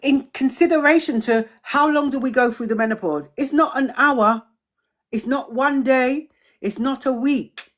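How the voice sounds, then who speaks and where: A woman's voice: high-pitched, unhurried. A middle-aged woman hosting a live-streamed community drop-in, chatting casually, welcoming viewers and answering their questions with repeated phrases.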